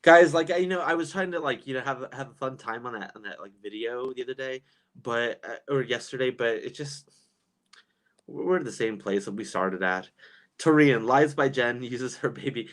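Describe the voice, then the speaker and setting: A man in his thirties hosting a casual livestream and reading chat comments, animated and chatty with lots of fillers and laughs. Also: mid-range voice, normal speed.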